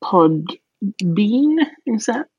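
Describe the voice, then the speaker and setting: A podcast co-host in their forties from the United States, with an accent blending American and Australian, chats in a rambling, jokey way full of fillers. The voice is mid-range with big pitch swings, extremely slow, and slightly breathy. The audio is narrow and tinny, with no echo.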